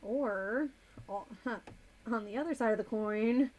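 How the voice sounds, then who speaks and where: A woman's voice: on the high side, a little slow, darkish tone. A woman streamer in casual live-stream chat, chatty and a little distracted as she reads chat aloud and types. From United States.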